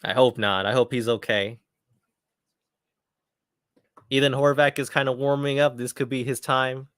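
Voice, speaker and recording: A man's voice: medium pitch, fairly even intonation, fairly quick, a bit bright, dry recording. A man hosting a live football watchalong, reacting eagerly and chatting casually, often repeating his phrases. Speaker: watchalong host. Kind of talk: live match commentary watchalong.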